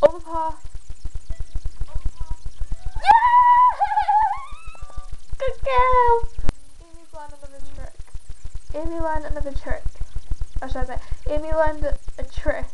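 A woman's voice: high-pitched, darkish tone, slight background noise, poor audio. A woman at home filming her dogs, repeating short commands and cooing praise at them. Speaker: dog owner filming her pets' tricks. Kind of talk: casual home video.

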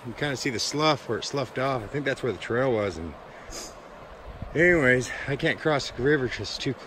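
The speaker is a man who vlogs about prospecting, and here he's chatting casually on a hike along a mountain creek, laid-back, rambling and a little winded. His voice is medium in pitch and fairly bright, animated, at a moderate pace. The audio is poor, captured outdoors on a handheld camera, with wind and creek noise over a flowing stream.

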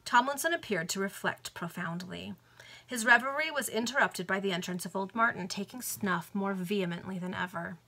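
A woman's voice: mid-range voice, normal speed, creaky, bright, forceful tone. A woman reading a novel aloud among friends over a video call, with chatty asides. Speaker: reader.

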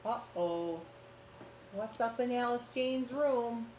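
A woman reading a picture book aloud to children, expressive, pausing to ask her listeners questions. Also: fairly high pitch. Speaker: storyteller. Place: church room. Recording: roomy echo, faint background hum.

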